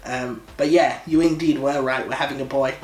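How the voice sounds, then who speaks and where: A man's voice: medium pitch, normal speed. Young male vlog co-host, easygoing and chatty, recorded in an echoey room. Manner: relaxed, explanatory, laughs easily. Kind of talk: casual couple vlog chat.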